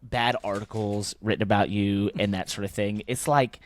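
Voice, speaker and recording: A man co-hosting a motorsport podcast in casual chat, rambling and thinking aloud, growing animated when he rants. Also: lowish voice, normal speed. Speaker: podcast co-host.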